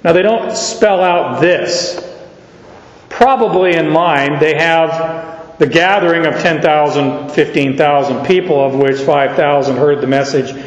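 A man preaching an expository sermon to a congregation, speaking slowly and deliberately and joking with his listeners. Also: fairly high pitch. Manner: slow, deliberate, jokes with the audience. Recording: echoey hall, slightly dull.

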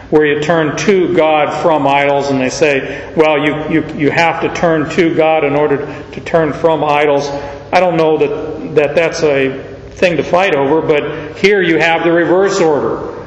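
A man with a fairly high voice teaches scripture at a slow, deliberate pace. His words are emphatic, and he lifts his pitch when he reads verses aloud. The sound is dull and lo-fi, with a long hall echo. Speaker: Bible teacher.

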